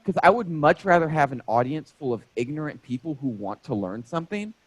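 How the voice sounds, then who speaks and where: A man in his thirties, a stand-up comedian telling stories in a casual interview, animated and jokey. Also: fairly high pitch, a little fast, no room sound, low-quality recording. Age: 30s.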